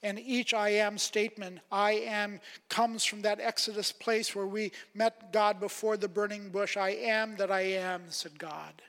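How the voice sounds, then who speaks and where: A man preaching a sermon, emphatic, rising on quoted questions and dropping soft at phrase ends. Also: high-pitched, level tone, unhurried, few pauses. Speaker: pastor. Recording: long hall reverb.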